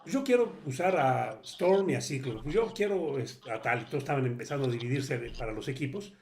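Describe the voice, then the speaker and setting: A man's voice: medium pitch, lively intonation, darkish tone. A male host, retelling a guest's story in a rambling, casual way before handing over the question. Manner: rapid, rambling retelling with fillers.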